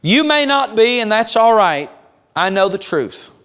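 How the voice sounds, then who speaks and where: A man's voice: high-pitched, big pitch swings, unhurried, a bit bright, clean tone. A man preaching a revival sermon in a church. He speaks to the congregation directly and tells stories with emphasis. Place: church sanctuary. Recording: long church reverb.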